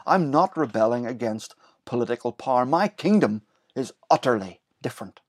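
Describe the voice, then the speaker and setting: A man preaching a sermon, explaining the scripture passage in a lively way and voicing the quoted lines. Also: mid-range voice, normal speed.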